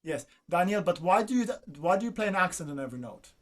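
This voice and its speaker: A man's voice: high voice, animated, fast talker, soft background music. Man coaching a violin masterclass. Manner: coaxing, sings phrases, asks "do you understand?". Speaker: violin teacher.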